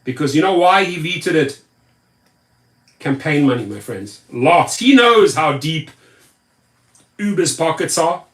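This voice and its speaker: A tired man with a high, bright voice rants on a vlog, angry and sarcastic, and keeps repeating his words. He sits back from the mic in an echoey room. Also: big pitch swings, unhurried, long pauses, recorded from a distance. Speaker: rideshare driver and video host. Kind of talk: ranting vlog commentary.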